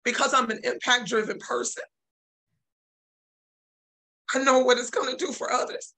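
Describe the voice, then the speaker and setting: Bright-toned woman, emotional and heartfelt panel speaker. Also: on the high side, fairly even intonation, quick pace. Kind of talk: casual panel chat.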